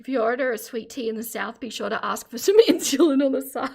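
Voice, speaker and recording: A woman's voice: on the high side, gravelly, a little mellow, breathy edge. Aussie lady chatting on a stream, laughs a lot, reads out comments. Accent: Australian. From Australia. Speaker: streamer reading chat. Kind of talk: casual live chat.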